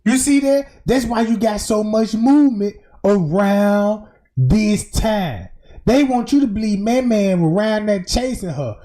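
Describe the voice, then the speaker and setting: Man, video commentator: slow, emphatic, slangy, mellow tone, lively pitch. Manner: emphatic, slangy, pointing things out. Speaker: commentator walking through footage. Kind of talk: casual commentary over video.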